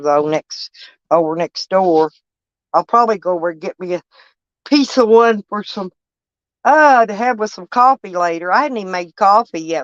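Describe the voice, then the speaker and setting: An older woman with a lowish voice and a drawl rambles through a casual live chat from her camper. She's folksy, blunt, and swears freely, and the lo-fi stream audio sounds dull, close, and dry with no room sound.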